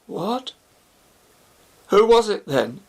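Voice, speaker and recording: A man doing a frantic young man in a high, gravelly voice. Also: sing-song, drawn-out words, full character voice. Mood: panicky. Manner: frantic, whiny. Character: panicky young man, car owner.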